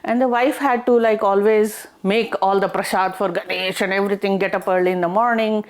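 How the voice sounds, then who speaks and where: A woman storyteller retelling a folk tale in a casual, chatty and animated way. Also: medium pitch, brisk. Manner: chatty, animated, many fillers like "she's like".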